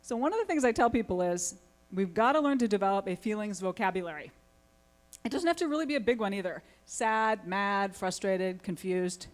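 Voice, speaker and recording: A woman speaks at a conference as a family therapist, animated and conversational. She keeps throwing questions at her listeners and answering them herself. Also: medium pitch, a little fast. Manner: animated, asks the audience many questions. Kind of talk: lively conference talk to an audience. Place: conference hall.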